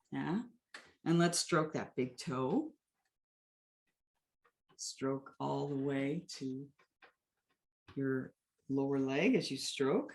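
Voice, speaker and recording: A woman teaching a gentle foot exercise, weaving a story into soothing, calm instructions. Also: low-pitched, takes it slowly, pauses often, echoey room. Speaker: movement teacher.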